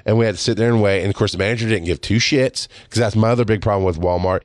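A man's voice: lowish voice, lively intonation, fast talker, hardly any pauses, no echo, studio quality. A man hosting his own podcast, telling a story in heated, profane monologue and putting on other people's voices. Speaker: podcast host. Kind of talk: casual monologue.

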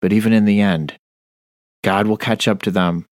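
Man, low voice, stern preaching, reads scripture, dry close sound. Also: fairly even intonation, normal speed, no echo. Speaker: radio Bible teacher. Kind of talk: sermon-style Bible study.

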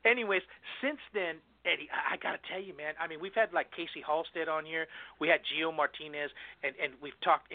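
Excitable fast-talking man hosting radio. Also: sits high, gravelly, no echo. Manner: fast, excitable, laughs often. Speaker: radio show host. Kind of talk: casual radio chat. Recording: tinny phone-like line.

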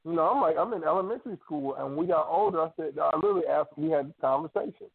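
Dude telling family stories on a call, animated, tinny phone sound, dry. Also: male voice, a little high, quick pace, vocal fry, husky, no room sound. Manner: animated storyteller acting out family quotes. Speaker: radio show co-host. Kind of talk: casual storytelling chat. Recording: dry phone-line audio.

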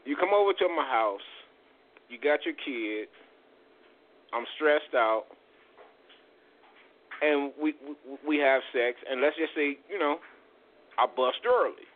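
A man with a fairly high, lively voice sets up a question for the group. His sound is thin and boxy, like a phone line. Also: slow, pauses often. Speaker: co-host. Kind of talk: casual podcast chat.

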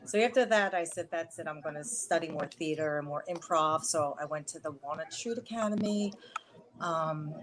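Philly lady rambling on a video call, lowish voice, bit of faint noise behind her. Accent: Philadelphia. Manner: rambling, chatty, laughs often. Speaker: actress guest. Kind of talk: casual video call interview. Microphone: wireless earbuds at first.

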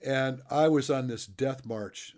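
A man's voice: medium pitch, takes it slowly, a little mellow. A middle-aged man interviewing a guest and coaching, telling loose, joking stories in a casual chat. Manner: chatty storyteller, loose and joking.

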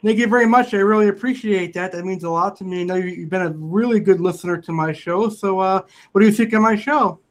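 A man's voice: high-pitched, fast, hardly any pauses. A man hosting a casual internet radio show, upbeat and repeatedly thanking callers. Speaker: host.

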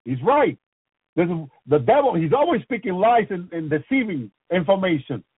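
A man preaches a fervent, repetitive sermon in a husky, high-pitched voice. He keeps circling back to prayerful refrains, and the sound is dry and narrow, like a phone line on the radio. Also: big pitch swings, normal speed, no echo. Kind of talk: impassioned sermon on a radio program.

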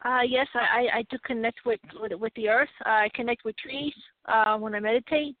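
A woman caller on a radio show, hesitant and stammering, speaking softly. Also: a little high, steady tone, a little fast, no echo. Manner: hesitant, stammering, soft-spoken. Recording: dry tinny phone line.

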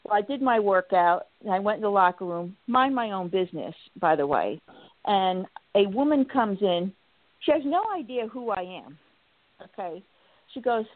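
A woman hosts a casual political talk show, stumbling through fillers and restarts before launching into animated stories. Her voice comes through a narrow, phone-like line with a dry, close sound. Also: mid-range voice, no room sound. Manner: halting, many restarts and fillers; animated storytelling, acts out quotes.

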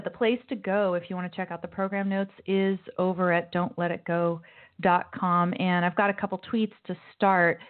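Woman hosting a call-in show, tinny sound. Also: lowish voice. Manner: conversational, opinionated, loose with asides. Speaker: talk show host. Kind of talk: call-in talk show monologue.

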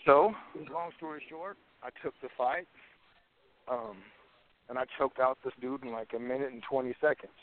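A man's voice: medium pitch, moderate pace. A man in his forties, a fighter, telling his story casually in an interview, rambling and chuckling, with fillers like "man" and "you know". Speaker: guest, professional fighter. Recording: phone-line audio, tinny.

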